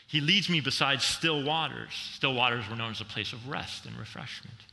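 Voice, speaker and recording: A middle-aged male pastor with a very bright, forceful tone preaches in a church, his voice trailing off in the long reverb of a large hall. He swings from loud, emphatic bursts to quiet, slowed-down reflection. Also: medium pitch, creaky. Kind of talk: sermon.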